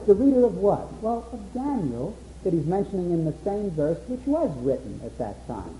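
A man teaches scripture in an animated way, swinging his high voice up and down and raising it to act out quotes. The recording sounds dull and lo-fi. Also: normal speed, hardly any pauses, slight background noise. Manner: animated, acts out quotes in a raised voice. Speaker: preacher. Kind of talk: bible teaching sermon.

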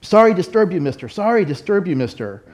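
A man voicing an earnest hotel night clerk who speaks in halting, broken phrases. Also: high voice, big pitch swings, a little mellow, pitched above the performer's own voice. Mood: urgent.

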